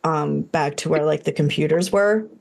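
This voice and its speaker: A woman's voice: low voice, moderate pace, gravelly, darkish tone. A woman playing a tabletop game, speaking hesitantly with many fillers. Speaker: player.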